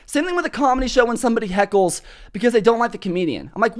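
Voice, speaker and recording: A man hosting a comedy podcast, telling stories in a loud, prominent voice that carries, with plenty of cursing. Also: very high-pitched, racing. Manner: animated storytelling with cursing. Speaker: podcast host. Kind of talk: comedic monologue. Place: studio.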